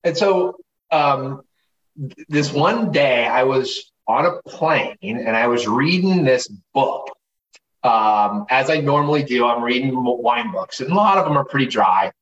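A man telling wine stories casually as an interview guest, lively and profane, acting out the people he quotes. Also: medium pitch, measured pace, lo-fi sound. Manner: animated, profane, acts out quoted voices. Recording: roomy, distant mic, faint noise.

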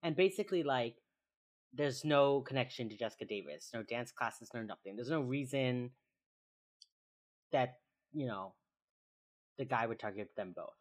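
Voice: medium pitch, animated. Chatty podcast co-host recapping an episode. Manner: chatty, quick asides, frequent "like" fillers. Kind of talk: casual episode recap chat.

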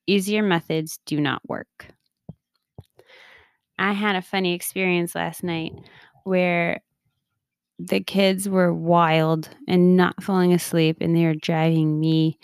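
A woman's voice: fairly low pitch, gravelly, clean tone, dry recording, studio quality. A woman in her thirties hosting a recovery podcast, talking candidly and laughing at herself as she reflects. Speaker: podcast host and mindset coach. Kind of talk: casual reflective monologue.

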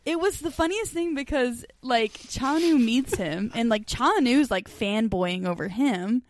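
A woman's voice: fairly high pitch, lively intonation, a little slow. A woman co-hosting a podcast, gushing and giggling as she tells stories in casual chat. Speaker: podcast co-host.

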